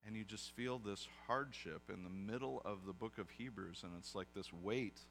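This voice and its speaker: A man's voice: lowish voice, moderate pace, a bit bright, soft background music. A man, a pastor with young kids, preaching a conversational sermon with self-deprecating asides.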